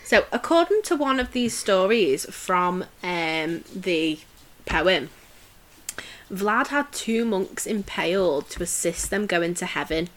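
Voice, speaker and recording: A woman's voice: on the low side, animated, slow pace, fairly bright tone. A woman co-hosting a casual podcast, telling history stories in a chatty way with many fillers and restarts. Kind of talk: casual chat.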